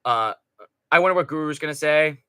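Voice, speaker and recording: Brief: male stream host, crisp bright tone, loose and profane, casual chatter. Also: fairly high pitch, brisk. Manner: rambling, profane, chatty with frequent restarts. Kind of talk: casual live stream chat.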